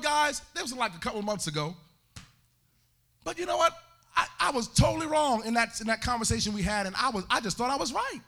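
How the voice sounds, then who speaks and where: A male pastor preaching a sermon in a church, swinging into sung and shouted climaxes. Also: sits high.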